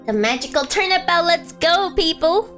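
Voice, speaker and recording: A woman chatting casually on a live stream, animated and rambling, breaking into frequent laughter. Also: very high voice, normal speed, soft background music.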